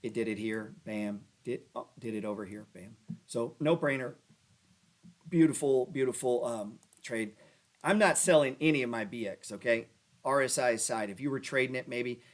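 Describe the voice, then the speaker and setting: A man hosting a casual stock trading show, rambling and cursing as he talks through charts and breaks into loud rants. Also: mid-range voice, moderate pace. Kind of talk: casual livestream chat over stock charts. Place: lives in New Orleans.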